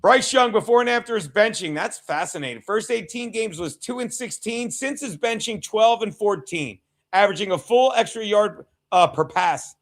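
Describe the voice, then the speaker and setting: A man hosting a casual sports watchalong stream, talking excitably with profanity and joking asides to his chat. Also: high-pitched, normal speed, low-quality recording. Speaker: livestream host.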